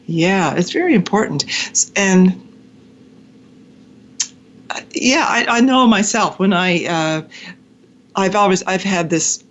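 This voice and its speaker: A woman's voice: sits low, slight background noise. A woman host interviewing a guest, talking with friendly hesitation and frequent restarts. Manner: hesitant, many restarts, affirming. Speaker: podcast host. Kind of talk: casual interview.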